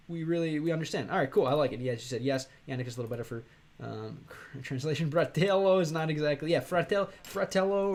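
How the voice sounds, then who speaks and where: An American man from Chicago chatting casually on a livestream, rambling and halting, with many fillers and restarts. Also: on the high side, darkish tone. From Chicago, USA. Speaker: streamer and language learner.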